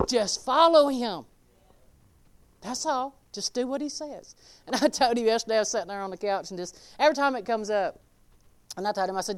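A woman preaching a sermon in a folksy, emphatic way, swinging between loud exclaiming and quiet asides. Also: a little high, expressive, moderate pace, pauses often, clean tone.

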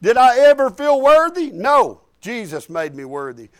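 Male preacher with a very high voice; folksy testimony sermon, emphatic, restarts often. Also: sing-song, normal speed.

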